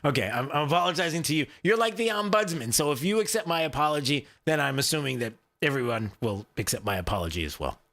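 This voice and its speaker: Talk radio host, male, loose rambling delivery full of uhs, forceful bright tone. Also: a little high, lively intonation, fast, few pauses. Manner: rambling, conversational, lots of fillers and restarts.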